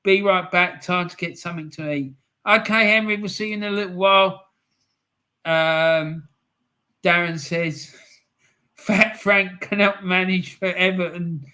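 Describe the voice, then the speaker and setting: A man's voice: high voice, steady tone, unhurried, bright, forceful tone. A man from England hosting a live fan stream, chatting casually as he reads out viewer comments, laughing often and repeating phrases for emphasis.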